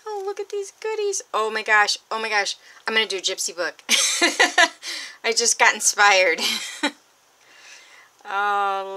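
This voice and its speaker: A woman, unboxing craft supplies on her vlog, gushing with excitement and at times dropping to a breathy whisper. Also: a little high, a little slow. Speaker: crafting vlogger.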